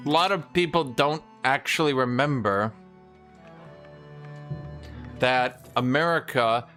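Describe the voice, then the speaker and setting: A man streaming a game and ranting casually about history, opinionated and profane, with quick mock voices for the countries he talks about. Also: medium pitch, a bit bright. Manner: mimics historical nations in quick asides. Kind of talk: casual livestream rant while gaming.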